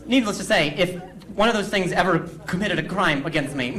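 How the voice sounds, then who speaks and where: A man's voice: high-pitched, brisk. A man doing crowd work stand-up, stuttering and repeating sounds as he mocks himself. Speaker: stand-up comedian. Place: comedy club stage. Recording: live crowd and room noise.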